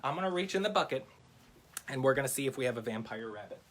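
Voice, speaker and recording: A man's voice: medium pitch, animated, fast, slight background noise. A man performing a children's magic show for a library, goofy and playful, poking fun at himself and talking straight to the kids. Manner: goofy, playful, self-mocking, addresses kids directly.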